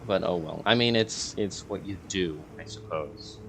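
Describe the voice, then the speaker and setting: Rambling low-voiced young man. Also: unhurried, a bit bright, slight background noise. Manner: rambling, hesitant, many fillers and self-corrections. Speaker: YouTuber. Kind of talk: casual rambling vlog monologue.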